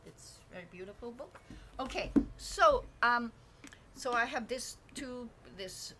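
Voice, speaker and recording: A woman's voice: medium pitch, background noise. A woman vlogger talking candidly on her own channel, rambling and self-reflective with many restarts, recorded on a dedicated microphone indoors. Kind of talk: casual talking-head reflection. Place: indoors at home, painting behind her.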